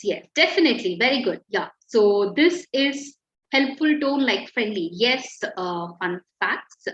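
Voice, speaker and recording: A woman leads an online creative writing lesson and talks in a high voice. She is encouraging and often says a word twice for emphasis. Her audio is dull and lo-fi, with an echoey room around it. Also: a bit bright. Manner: encouraging, repeats words for emphasis.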